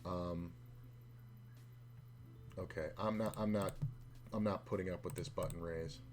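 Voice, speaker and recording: A man with a lowish voice chats casually while he plays online poker on stream. He rambles, fills his talk with little fillers and swears freely. There is a faint background hiss under his voice. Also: fairly even intonation, unhurried. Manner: profane, rambling, full of fillers.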